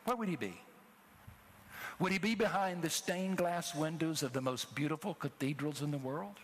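A man's voice: fairly high pitch, moderate pace, breathy edge. Emotional male preacher telling a story. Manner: emotional storytelling, swelling to loud exhortation. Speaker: traveling preacher. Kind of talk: sermon.

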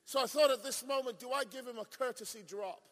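A man preaching a sermon, telling stories fervently and rising to shouts, in a large church hall. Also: extremely high pitch, a little fast. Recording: long hall reverb.

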